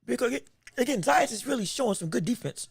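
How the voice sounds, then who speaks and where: High-voiced man calling a fight live. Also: gravelly, husky, dry recording, clean studio sound. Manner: excitable, quick reactions, frequent self-corrections. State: hiccups. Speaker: podcast host and fight commentator. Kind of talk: live boxing commentary.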